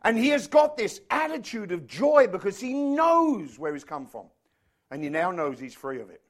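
A man preaching a sermon, emphatic and animated, speeding up when he tells a story. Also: high voice. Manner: animated, emphatic, quickens into anecdotes.

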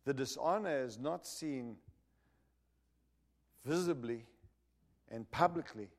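A man's voice: medium pitch, takes it slowly. A man preaching a sermon in an emphatic, punchy way, repeating phrases to drive his points home and asking the listeners whether they understand. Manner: asks the listeners for agreement.

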